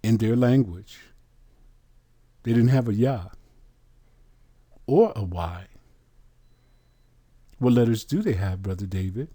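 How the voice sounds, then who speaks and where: A man's voice: mid-range voice, sing-song, dark tone. A man teaching a sermon on scripture, asking the listeners questions and answering them himself. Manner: slow, questioning, call-and-response. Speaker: Bible teacher.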